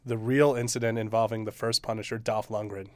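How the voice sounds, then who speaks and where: A man's voice: lowish voice, level tone, fairly quick, dry recording, clean studio sound. A man co-hosting a casual movie review chat, joking and laid-back with hesitant phrasing. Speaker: film reviewer, co-host.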